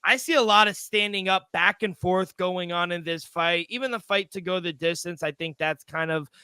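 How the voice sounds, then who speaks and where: An excitable man co-hosts a casual podcast chat in a fairly high, bright voice. He swears freely and trips over repeated words, heard dry and close with no room sound. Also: normal speed, clear, resonant tone, dry recording. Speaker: podcast co-host. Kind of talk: casual sports betting chat.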